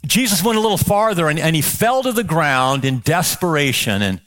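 A man's voice: on the high side, animated, normal speed, a bit bright. A male pastor preaching a sermon with passion, firing off rhetorical questions and repeating words as he builds.

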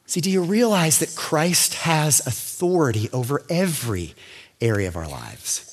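Animated preaching man in a reverberant hall. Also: on the high side, normal speed, husky. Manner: animated storytelling, acting out dialogue with God. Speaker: pastor. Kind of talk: sermon.

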